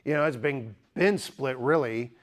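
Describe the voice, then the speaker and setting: A man's voice: medium pitch, measured pace. Joking male lecturer. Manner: lively, joking, asks the audience questions. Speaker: speaker. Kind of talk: apologetics lecture.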